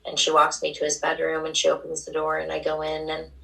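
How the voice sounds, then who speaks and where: A young adult woman, a guest on a talk show, telling an emotional personal story at a quick pace. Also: low voice, monotone, creaky, sharp tone, distant mic, low-quality recording.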